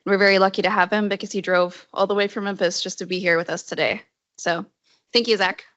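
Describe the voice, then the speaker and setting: A woman's voice: medium pitch, steady tone, quick pace, fairly bright tone, dull audio. A woman introducing a guest speaker at a meetup, in an appreciative, welcoming way. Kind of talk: spoken introduction.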